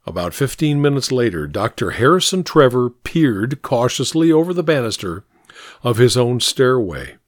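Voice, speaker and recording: An expressive man narrating an audiobook, his pitch ranging widely as he tells the tale. The sound is close and dry. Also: no echo.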